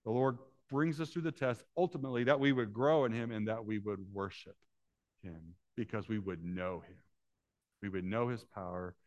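A man preaching a sermon as pastor, rising to loud animated storytelling and dropping to soft hushed appeals. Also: fairly low pitch, normal speed, no echo.

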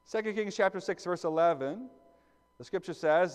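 A man's voice: sits high, normal speed, smooth, long reverb tail. A man preaching a sermon as pastor, talking conversationally and asking the congregation questions. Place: church sanctuary.

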